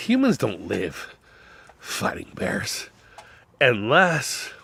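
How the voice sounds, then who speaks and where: A man in a rambling, profane monologue whose voice swings between loud outbursts and low mutters. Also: vocal fry, husky.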